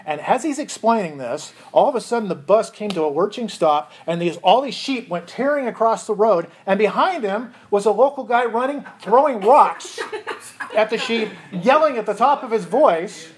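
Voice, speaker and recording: A man's voice: sits high, expressive, normal speed, slight background noise. A man preaching a sermon as pastor, earnest and chuckling, with frequent restarts.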